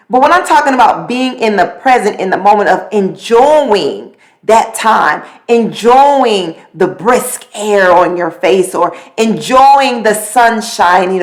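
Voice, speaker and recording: A middle-aged woman hosting a podcast, talking in a casual monologue and telling her story with lively swings in pitch and pace. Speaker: podcast host.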